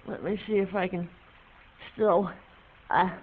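A woman's voice: on the low side, steady tone, slightly rough. A wistful older lady telling a dog a story. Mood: musing. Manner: unhurried, musing storyteller with hesitant pauses. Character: older woman reminiscing wistfully to her dog. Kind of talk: film monologue. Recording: tinny, phone-like film audio.

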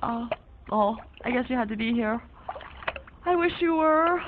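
A woman plays a chatty, offbeat young woman on a phone call, her high voice spilling out odd, fancy slang. The sound is narrow and phone-like, with a faint hiss behind it. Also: animated, unhurried. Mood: breezy. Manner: rambling, quirky, odd ornate slang. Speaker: young woman calling a friend. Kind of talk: one-sided phone call monologue in an audio drama.

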